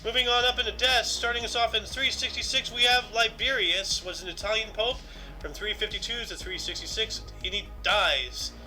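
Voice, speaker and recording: Bright, high-voiced male podcast host. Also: fairly even intonation, normal speed, faint music behind, poor audio. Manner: reads lists aloud, adds dry asides. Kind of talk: casual chat, reading history entries.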